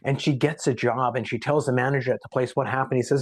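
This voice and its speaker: A man who is a podcast guest, talking casually and telling an anecdote in a lively way, voicing the people in it. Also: mid-range voice, quick pace, a crowd in the background. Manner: animated anecdote-teller, acts out quotes. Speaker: podcast guest, sales coach. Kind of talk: casual storytelling in conversation.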